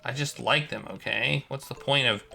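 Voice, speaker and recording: Dude voicing a hurt young woman who loves fairy tales, stammery and pleading, kinda raspy. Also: medium pitch, normal speed, bright, forceful tone, soft background music, voice pushed up.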